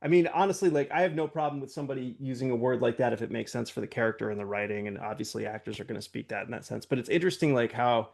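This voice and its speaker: A man hosting a casual podcast about screenwriting, talking in a relaxed way with lots of fillers. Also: mid-range voice, very fast, creaky, hardly any pauses. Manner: relaxed, uses many fillers like "like". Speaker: podcast host. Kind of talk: casual chat and reading a screenplay aloud.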